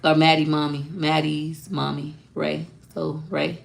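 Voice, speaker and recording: Blunt, gravelly-voiced woman talking casually. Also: low-pitched, a little slow. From Florida. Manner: blunt, animated, outspoken. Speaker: online social media course teacher. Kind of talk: casual livestream talk.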